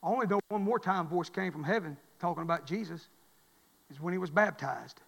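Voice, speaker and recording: A man preaching as pastor in a church, repeating lines and building to loud, shouted climaxes. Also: high voice, fairly quick, gravelly. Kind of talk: sermon. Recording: long reverb of a church hall.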